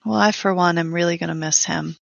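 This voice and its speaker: A woman's voice: lowish voice, steady tone, fairly quick, vocal fry, no echo, lo-fi sound. A woman playing a tabletop game, speaking in character in an earnest, concerned way. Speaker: player.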